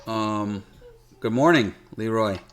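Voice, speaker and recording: A man's voice: on the low side, slow, slight background noise. Chatty man hosting a livestream. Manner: loose, chatty, restarts sentences. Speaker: livestream host. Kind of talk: casual livestream chat.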